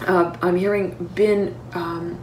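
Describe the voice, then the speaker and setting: Female tarot reader at home, halting, searching delivery, roomy sound with faint background hum. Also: lowish voice, level tone, a little mellow. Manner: halting, keeps repeating "I'm hearing" between words. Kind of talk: intuitive tarot reading to camera. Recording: roomy echo.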